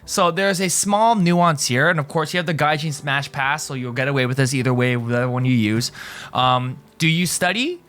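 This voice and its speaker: A man's voice: on the high side, normal speed, fairly bright tone. A man teaching in a casual video lesson, explaining in loose restarts and often asking right?. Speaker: language teacher.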